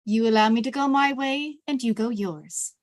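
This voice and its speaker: A woman reading a proud, sharp-tongued young woman at a table read, crisp and tart. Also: fairly high pitch, moderate pace, no echo, lightly acted. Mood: prickly.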